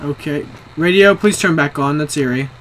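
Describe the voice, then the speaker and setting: A man's voice: on the high side, normal speed, a bit bright, slight background noise. A young man playing a horror game, jumpy, swearing often and talking to himself. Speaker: gamer.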